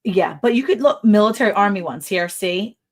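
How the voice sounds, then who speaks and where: A woman's voice: medium pitch, animated, a little fast. A middle-aged woman co-hosting a casual livestream chat, talking in a chatty, rambling way and laughing often. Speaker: livestream co-host.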